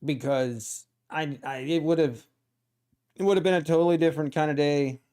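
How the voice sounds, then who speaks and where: Smooth-voiced man with Pennsylvania Dutch accent. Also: a little high, normal speed, warm tone. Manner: rambling, thinking aloud. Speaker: day trader streamer. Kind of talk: live-stream trading commentary.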